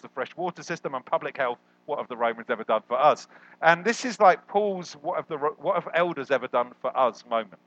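A man preaching a sermon as a guest, animated and jokey, jumping up in pitch when he quotes people. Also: dull audio. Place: church hall.

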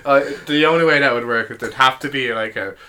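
A man's voice: mid-range voice, fast, clean tone. A man co-hosting a casual comedy chat, riffing playfully on ideas and laughing often. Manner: playful riffing, frequent laughter, trails off quietly. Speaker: podcast co-host.

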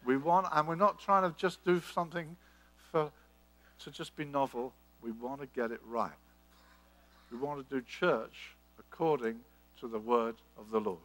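A man's voice: mid-range voice, normal speed, fairly bright tone, poor audio. A middle-aged man preaching a sermon, emphatic and repetitive, firing rhetorical questions at his congregation.

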